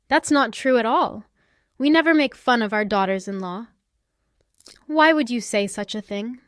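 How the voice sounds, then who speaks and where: A woman voicing a defensive, scheming older mother-in-law who protests and pleads in a smooth, dry voice. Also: fairly high pitch, normal speed, dry recording, close to an everyday voice. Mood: indignant. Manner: indignant, pleading.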